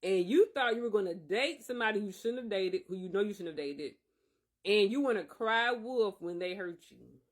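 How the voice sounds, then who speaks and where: A man's voice: high-pitched, lively intonation, normal speed. A man hosting a podcast, telling a personal faith testimony in an earnest, emphatic way. He often circles back and repeats his phrases. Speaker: podcast host.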